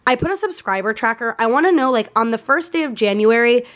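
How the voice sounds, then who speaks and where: A woman's voice: a little high, expressive, fast talker, a bit bright. A young woman vlogging to camera, talking in an earnest, heartfelt way with a frequent "like". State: tearful at moments. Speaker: YouTube vlogger. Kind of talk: casual talk to camera.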